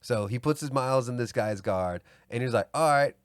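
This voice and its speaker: A man co-hosting a podcast, telling a story in casual chat and acting out yelled quotes with lots of laughter. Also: medium pitch, a little fast, no echo, clean studio sound. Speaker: podcast co-host.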